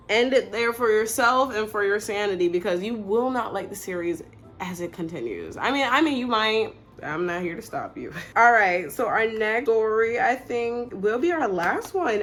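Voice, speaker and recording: A woman's voice: mid-range voice, a bit bright. A young woman in casual chat, gushing about stories she loves and briefly acting out the characters' lines. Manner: gushing, chatty, acts out characters' lines in quick asides. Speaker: video creator recommending stories.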